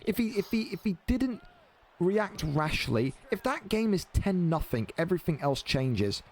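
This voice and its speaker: Man, casual game commentary, slightly higher pitch, animated, swears freely. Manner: animated, swears casually, quick play calls. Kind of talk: casual sports commentary with banter.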